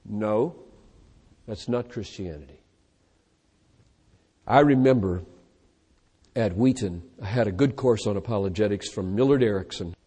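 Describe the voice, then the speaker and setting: In a large hall, a man with a fairly low, breathy-edged voice preaches a sermon with emphatic, animated delivery. He cites scripture verses in rapid lists, one after another.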